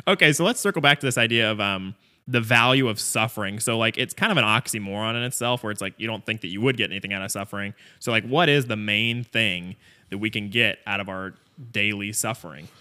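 Bright, laid-back lower-voiced man. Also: a little fast, smooth. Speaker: podcast co-host. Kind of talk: casual chat.

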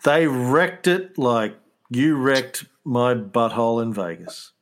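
A man's voice: medium pitch, takes it slowly. A man co-hosting a casual history podcast, reading documents aloud with jokey asides. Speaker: podcast co-host.

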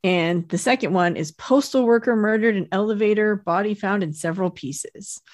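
A woman co-hosting a podcast, narrating a TV episode's plot step by step in a relaxed way. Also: mid-range voice, moderate pace. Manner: steady, detailed plot narration. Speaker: podcast co-host. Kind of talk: casual recap chat.

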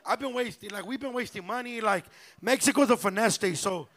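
Brief: young man, bright and high-pitched, profane rambling storyteller at a live show. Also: brisk. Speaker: podcast co-host. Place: live pop-up show venue.

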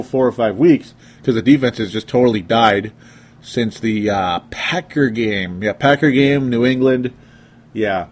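A man's voice: fairly low pitch, a little mellow. A young man hosting a casual sports talk show, reading listener comments aloud and joking around. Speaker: sports podcast host.

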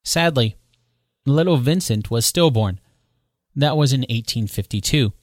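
A man hosting a solo podcast, retelling history in a conversational way with quick asides and self-corrections. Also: mid-range voice, animated, no echo, clean studio sound. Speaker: podcast host. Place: home recording space.

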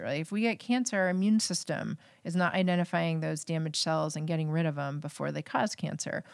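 A woman doctor on a podcast, explaining things in a loose, chatty way full of "like" and "you know". Her voice sits a little low for a woman. The sound is dry and close, with no room around it. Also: fairly even intonation, moderate pace, vocal fry, no room sound. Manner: casual, many fillers like "like" and "you know". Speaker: physician guest. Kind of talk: conversational interview.

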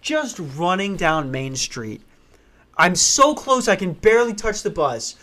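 Dude telling a wild story, swears a lot, gets loud and fast when it heats up. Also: male voice, high voice. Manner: profane, animated, acts out voices, rushes when excited. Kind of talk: casual comic storytelling.

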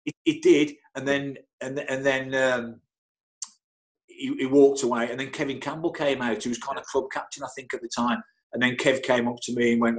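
A middle-aged man, a football physio, telling anecdotes in an interview with lively energy, often stammering and repeating words. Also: mid-range voice, normal speed, poor audio. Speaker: football club physio, guest.

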